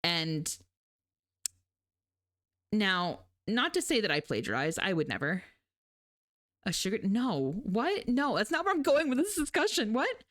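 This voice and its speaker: A woman's voice: mid-range voice, sing-song, a little slow, long pauses, a bit bright. A young adult woman, streaming and chatting casually with her viewers, telling stories animatedly and laughing often. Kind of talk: casual chat with live chat.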